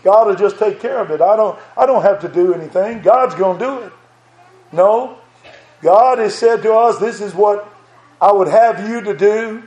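A man's voice: high-pitched, normal speed, a little mellow, roomy sound, poor audio. An older man preaching a sermon, earnest and repeating words, reading scripture aloud.

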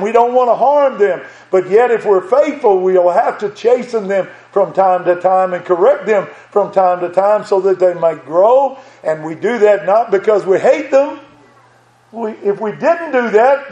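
A man's voice: high-pitched, darkish tone, echoey room, lo-fi sound. An older man preaching a sermon, earnest and repeating words, reading scripture aloud.

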